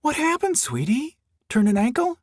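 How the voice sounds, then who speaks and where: A man's voice: very high voice, big pitch swings, dry recording, clean studio sound, voice pushed up, full character voice. A man voicing a young woman who works as a golf cart girl, chirpy and caring, with a bubbly, fussing manner in an audiobook. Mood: chirpy, concerned. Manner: bubbly, fussing, quick offers. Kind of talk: audiobook character voice.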